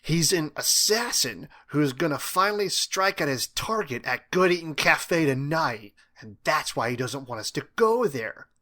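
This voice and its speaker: A man's voice: on the high side, lively intonation, measured pace, few pauses, sharp tone. A man reading the part of a wisecracking, imaginative teenage boy in a playful, conspiratorial way.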